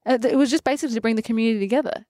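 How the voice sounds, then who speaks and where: A woman in her twenties from Adelaide with an Australian accent, a fitness trainer telling lively stories in an interview, acting out quotes and laughing often. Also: on the high side, rapid-fire, no room sound, studio quality. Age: 20s. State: pregnant. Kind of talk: casual interview.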